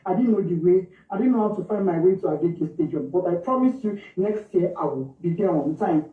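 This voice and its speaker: A woman with a Nigerian accent, a mother slowly and emotionally recounting what happened to her daughter. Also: fairly low pitch, animated. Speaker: grieving mother recounting events. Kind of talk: emotional personal account. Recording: distant, echoey, muffled replayed clip.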